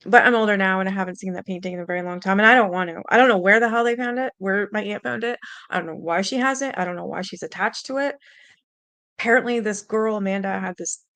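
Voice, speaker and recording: A woman's voice: mid-range voice, fast talker, gravelly, fairly bright tone, no room sound. Rambling spooked woman, dry close sound. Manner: rambling, full of fillers and mild swearing; earnest and spooked. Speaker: host. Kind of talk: casual storytelling on a livestream.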